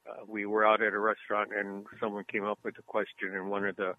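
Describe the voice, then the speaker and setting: A man's voice: fairly low pitch, monotone, quick pace, a little hiss or hum. Rambling man on a tinny phone line. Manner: chatty, rambling anecdotes, easy laughs. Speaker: co-host. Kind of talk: casual podcast chat.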